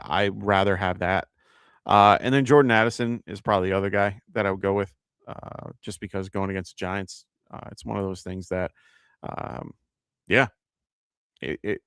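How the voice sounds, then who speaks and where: A man's voice: fairly low pitch, creaky, fairly bright tone, smooth, no room sound, clean studio sound. A man with a New York accent hosting a live fantasy football show, thinking aloud with lots of fillers and self-corrections. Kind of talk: casual live-stream advice.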